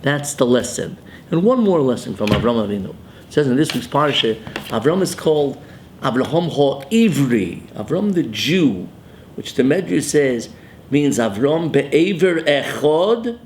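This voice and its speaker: A man's voice: medium pitch, big pitch swings, a little slow, darkish tone, a little hiss or hum. An older man, a rabbi, giving a Torah sermon in English sprinkled with Hebrew and Yiddish terms in Ashkenazi pronunciation.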